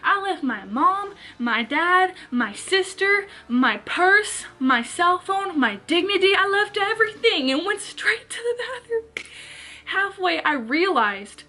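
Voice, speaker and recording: A woman vlogger telling a story in a casual, animated way, with lots of filler words and swearing. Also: very high voice, slow. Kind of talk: storytime vlog, casual retelling.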